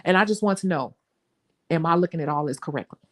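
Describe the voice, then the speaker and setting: Woman, young adult, Chicago accent, nail tech vlogger, talkative, lively storyteller. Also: low-pitched, fast. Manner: chatty, animated storytelling, says y'all. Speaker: nail technician and channel host. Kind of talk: casual chat to viewers.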